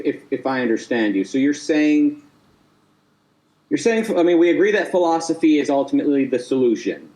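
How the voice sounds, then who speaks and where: A man argues his side in a casual debate call. He talks haltingly, stumbling over repeated words and restarting his sentences as he presses on. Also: medium pitch, lively intonation, a little mellow, low-quality recording. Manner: hesitant, stammering, many restarts.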